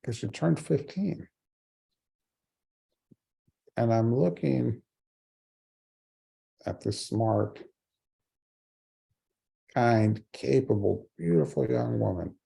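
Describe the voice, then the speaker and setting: A man's voice: mid-range voice, lively intonation, extremely slow, creaky, long pauses, dark tone, slightly rough. A man in his forties giving a speech, telling a personal story with earnest humor. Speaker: keynote speaker.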